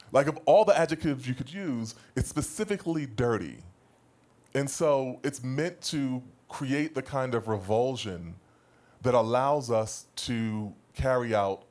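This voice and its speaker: A man speaking as a panelist in a live discussion, explaining points in a measured, scholarly way. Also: medium pitch, darkish tone.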